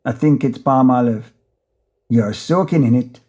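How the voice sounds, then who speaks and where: A man's voice: medium pitch, measured pace, dark tone, muffled recording. A man with a Jamaican accent reading an audiobook, narrating a frantic, rambling first-person inner monologue in patois.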